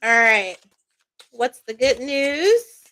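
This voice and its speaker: A woman's voice: on the high side, big pitch swings, very slow, background noise. A woman giving a casual tarot reading as a psychic, chatty and peppered with "all right" and "okay".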